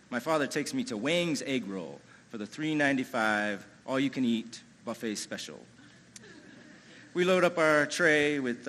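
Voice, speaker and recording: A man telling a personal story live on stage, chatty and animated, with lots of "you know" and restarts. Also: mid-range voice, slight background noise.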